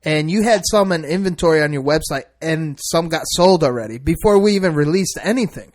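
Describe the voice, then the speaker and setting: Joking podcast host, slightly high voice. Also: male voice, animated, a little fast. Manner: joking, laid-back. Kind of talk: casual podcast chat.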